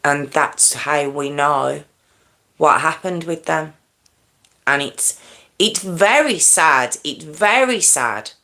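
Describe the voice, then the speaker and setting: Low, slow-talking woman telling true crime. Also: expressive, pushed and bright. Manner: conversational, halting, with frequent restarts and check-ins with listeners. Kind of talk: casual true crime storytelling on a livestream.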